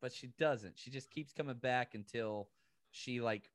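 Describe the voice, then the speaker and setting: A man from the Southern United States co-hosting a podcast in casual chat, ranting with animated laughs. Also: mid-range voice, measured pace, dry recording, clean studio sound. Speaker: podcast co-host.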